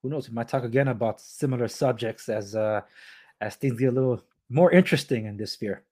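Male podcast host, casual interview, stops and restarts often, mid-pitched. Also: darkish tone. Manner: halting, many restarts and fillers.

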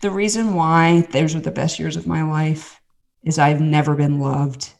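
A low-pitched woman with a Southern American accent talks casually about faith. Her delivery is earnest and chatty, and she acts out quotes as she tells her stories. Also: steady tone, measured pace, creaky, darkish tone. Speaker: podcast host and guest storyteller.

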